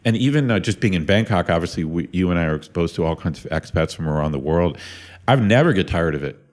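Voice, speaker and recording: Deep-voiced man, halting podcast chat. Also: lively intonation. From Ohio, USA. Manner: thoughtful, many restarts and stammered repeats. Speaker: podcast co-host and university lecturer.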